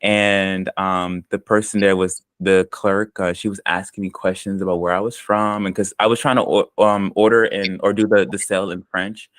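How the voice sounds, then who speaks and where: Low-voiced American man, loose rambling chat. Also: moderate pace, few pauses, no room sound. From United States. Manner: relaxed, rambling, with frequent ums and likes. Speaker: interviewee. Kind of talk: casual conversational storytelling.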